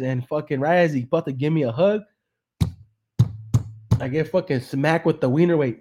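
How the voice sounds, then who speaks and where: A man's voice: fairly high pitch, brisk, long pauses, warm tone. A young man tells a joke in a laid-back, profane way on a live podcast, switching between English and slang. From San Jose, California. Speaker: comedian and podcast host.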